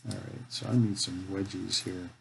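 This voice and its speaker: Deep and gravelly with little pitch movement, this middle-aged Canadian's voice moves at a moderate pace over slight background noise. He's a live-stream host building a toy kit, joking and talking to himself in casual chat as he works.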